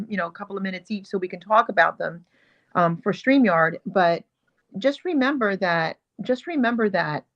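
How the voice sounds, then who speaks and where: A woman's voice: medium pitch, a bit bright. Indignant woman ranting over a dull line. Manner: indignant, emphatic, repeats herself. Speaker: show host. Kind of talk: heated commentary on video clips.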